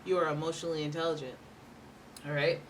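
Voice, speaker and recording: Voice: mid-range voice, little pitch movement, quick pace, recorded from a distance, a little hiss or hum. A tarot reader giving a casual, rambling reading with playful asides.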